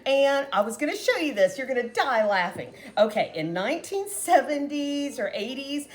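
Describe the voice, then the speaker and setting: A woman's voice: sits high, very animated, normal speed. A woman hosting a casual home cooking video, chatty and folksy, talking straight to her viewers.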